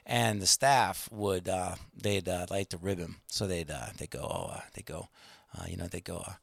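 A man's voice: sits low, moderate pace, creaky, breathy edge, dry recording. A man telling a long anecdote in casual chat, rambling with many fillers and restarts and acting out the people he quotes.

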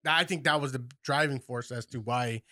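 A man's voice: mid-range voice, normal speed, bright, forceful tone, dry recording, clean studio sound. Man swearing through a heated rant. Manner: heated, swears constantly, gets worked up. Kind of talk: casual profane chat.

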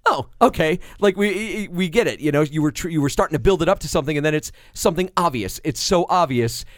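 Man, podcast co-host, casual chat, animated, fairly high voice, dry recording. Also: fast, no echo. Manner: animated, swears, acts out scenes.

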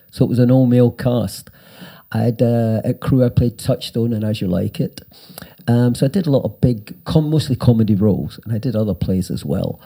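An older man, a writer and former actor, telling animated anecdotes in an interview and acting out the quotes. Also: medium pitch. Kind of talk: storytelling interview.

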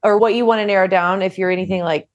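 A young woman co-hosting a casual relationship chat with her partner, easygoing and quick to laugh. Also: medium pitch, fairly even intonation, muffled recording. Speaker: podcast co-host.

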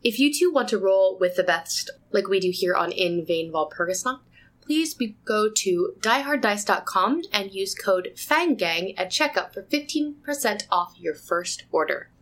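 A woman hosts a tabletop role-play podcast in an upbeat, chatty manner. Her voice sits at a middle pitch. She reads sponsor lines and welcomes listeners. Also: animated, a little slow, a bit bright. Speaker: host.

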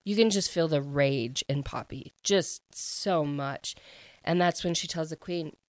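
A woman telling a story in a relaxed, chatty way, with "like" and "um" scattered through her sentences. Her voice sits a little low. The sound is dry and close, with no room echo. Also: a little slow. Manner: chatty, filler-heavy with frequent "like" and "um". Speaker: book recap vlogger. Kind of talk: casual plot retelling.

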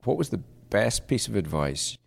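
Scottish male interviewer, very low gravelly voice, lively pitch, rambling restarting questions. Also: normal speed. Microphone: handheld microphone held toward guest.

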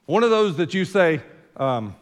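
A man's voice: on the high side, big pitch swings, measured pace, big-room sound. A man preaching a sermon as senior pastor, in a conversational, folksy way full of rhetorical questions, recorded in a church sanctuary.

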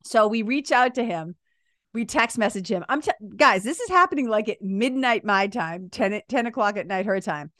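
A woman around fifty, hosting a podcast and telling a story in a casual, animated way. She laughs often and swears freely. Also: mid-range voice, normal speed, no echo, clean studio sound. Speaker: podcast host.

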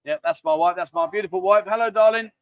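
Chatty man with a high voice. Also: big pitch swings, fast talker, gravelly, clear, resonant tone, dry recording, muffled recording. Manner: rambling, chatty, cheeky banter. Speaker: livestream host. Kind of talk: casual live chat reading viewer comments.

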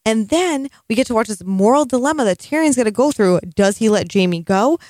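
A woman's voice: on the high side, lively intonation, a little fast, a little mellow, dry recording, studio quality. A woman co-hosting a casual podcast, exasperated and sarcastic, swearing freely. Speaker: podcast co-host.

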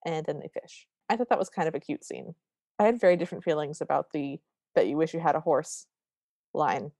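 A woman's voice: low-pitched, fairly quick, dark tone, no room sound, clean studio sound. A woman co-hosting a podcast, casually recapping a movie scene by scene and acting out the characters' lines. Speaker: podcast co-host.

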